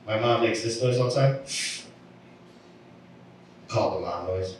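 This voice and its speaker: A man doing a stand-up set, telling stories in a deadpan way and acting out the people in them. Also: on the low side, measured pace, long pauses, a little hiss or hum. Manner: deadpan storytelling with acted-out voices. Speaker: stand-up comedian. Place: comedy venue. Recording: echoey room from a distant mic.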